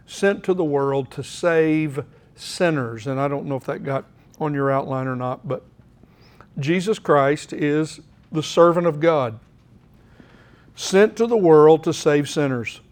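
A middle-aged man preaching in a church room, his voice sitting a little higher than most men's. He speaks earnestly and urges his listeners on, breaking off to read scripture aloud. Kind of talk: sermon.

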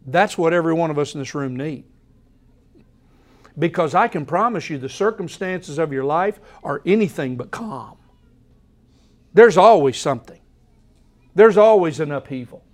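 A high-pitched male pastor delivers a sermon from the pulpit of a church. He talks emphatically, repeats his key phrases for weight and fills his pauses with hesitant "uh"s. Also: a little mellow. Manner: emphatic preaching with repeated phrases and frequent fillers. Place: church sanctuary.

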